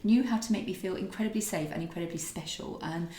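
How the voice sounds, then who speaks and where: A woman's voice: on the low side, quick pace, reverberant. A middle-aged woman co-hosting a podcast, chatting and telling stories with lots of restarts. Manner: chatty, warm storytelling with restarts. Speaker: podcast co-host and author. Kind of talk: casual chat. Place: kitchen.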